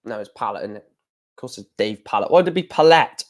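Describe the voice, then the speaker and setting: A man's voice: fairly low pitch, lively intonation, quick pace. A man hosting a live stream, chatting casually and correcting himself as he goes. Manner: chatty, thinking aloud, self-correcting.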